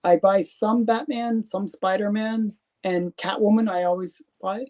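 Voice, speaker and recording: A woman in her thirties talks casually on a live stream, answering viewers' questions with an upbeat, rambling manner. Her voice is mellow and warm, sitting in a middle register. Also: mid-range voice, fairly even intonation. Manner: chatty, upbeat, with fillers and quick asides. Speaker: comic collector vlogger.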